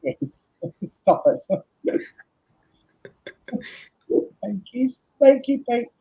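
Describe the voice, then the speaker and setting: A tired woman hosting a casual live chat, laughing often and reading out viewers' comments in a husky voice. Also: on the high side, big pitch swings, very slow, dark tone. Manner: chatty, laughs often, reads comments aloud. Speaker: host. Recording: dull lo-fi stream audio.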